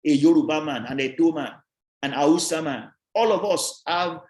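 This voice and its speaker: A man's voice: a little high, moderate pace, a little mellow. A man teaching a presentation skills class, stressing words hard, repeating key points and quizzing his listeners. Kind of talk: revision class lecture. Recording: roomy echoey sound.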